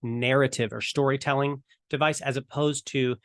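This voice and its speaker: A man giving a casual training talk on evangelism, telling stories in a chatty, animated way. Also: mid-range voice, moderate pace, dry recording, studio quality. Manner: storytelling, chatty, animated retelling. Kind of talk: casual teaching talk to camera.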